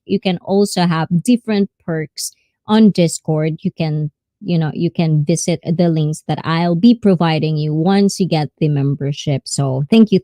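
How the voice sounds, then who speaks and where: Lady chatting on her livestream, giggly, mellow lowish voice, dry sound. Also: no room sound. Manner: bubbly, laughs often, switches between English and Tagalog. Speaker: livestream host. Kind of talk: casual livestream chat.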